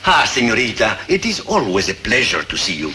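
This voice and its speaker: An actor playing a suave, scheming Latin ship steward in a 1960s sitcom, smooth and ingratiating. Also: male voice, on the low side, wildly swooping pitch, fairly quick, background noise.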